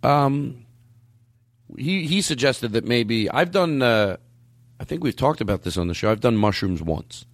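A man's voice: mid-range voice, lively intonation, measured pace, no echo. A man in his fifties hosting a podcast, telling stories in a rambling, self-interrupting way. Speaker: podcast host. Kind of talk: casual chat.

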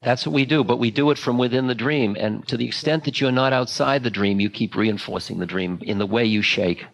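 An older man giving a spiritual talk, musing slowly with long pauses. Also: mid-range voice, creaky, low-quality recording. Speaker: spiritual teacher. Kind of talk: dharma talk.

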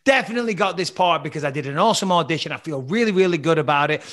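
A man, a British-accented actor with a slight American twang, telling audition stories in casual, animated, self-deprecating chat. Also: fairly high pitch, racing. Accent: British English with slight American twang. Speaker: actor and podcast guest.

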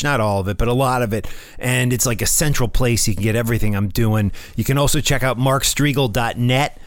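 A man's voice: mid-range voice, a bit bright, dry recording. Chatty male podcast host, dry sound. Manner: chatty and loose, repeats and restarts words, calls listeners "man". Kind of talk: casual solo podcast monologue. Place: room at home with family nearby.

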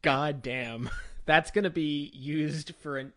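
A man's voice: on the high side, fairly even intonation, slow, bright, forceful tone. A man co-hosting a TV podcast, chatting casually with a wry, laughing manner. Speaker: podcast co-host. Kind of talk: casual TV review chat.

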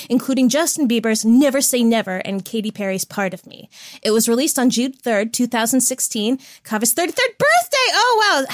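A woman's voice: on the high side, dry recording, studio quality. A young woman co-hosting a podcast, reading show notes with lots of laughing and jokes. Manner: giggly, reads haltingly and jokes. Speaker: podcast co-host.

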